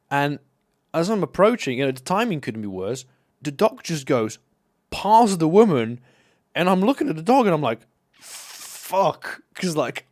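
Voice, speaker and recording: A young man from Slovenia telling rambling, profane stories in a casual live stream. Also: on the high side. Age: young adult. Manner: rambling, profane, animated anecdotes.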